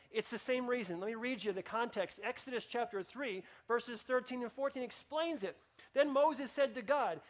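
High-voiced man preaching a sermon. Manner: emphatic, repeats phrases and restarts sentences. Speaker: pastor.

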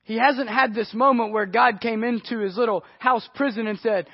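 A male pastor preaching a sermon earnestly, swinging between hushed and emphatic delivery. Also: very high voice, fairly even intonation, normal speed, few pauses, breathy edge, no echo. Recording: dry, dull lo-fi audio.

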